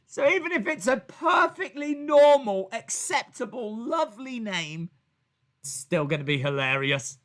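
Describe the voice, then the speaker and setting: A young man riffing on a live watch-along stream, his voice sitting high and sounding bright and forward. He jokes around constantly, slipping into mock dialogue and bursting into shouts before dropping back to a mutter. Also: a little slow, a little hiss or hum. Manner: animated, jokey, acts out little scenes with shouted bits. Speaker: wrestling reaction streamer.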